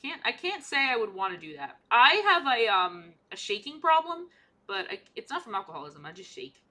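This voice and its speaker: Young woman, live-stream chatter, bright higher voice, playful and repetitive while she paints. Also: big pitch swings, normal speed. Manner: chatty, repeats herself, playful silly asides. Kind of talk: casual live-stream chat.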